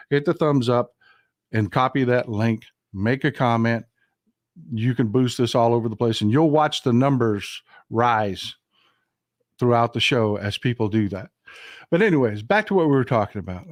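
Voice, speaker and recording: A man's voice: mid-range voice, no room sound, clean studio sound. A man with a Southern American accent hosting a casual political live stream, talking in a folksy, emphatic way and answering his chat.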